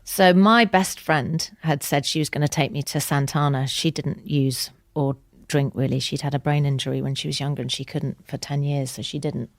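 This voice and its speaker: A woman's voice: sits low, steady tone, normal speed, few pauses, no room sound, clean studio sound. A woman, a podcast guest telling a personal story candidly. She speaks frankly and emotionally, swears freely and often restarts her sentences. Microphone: studio podcast mic.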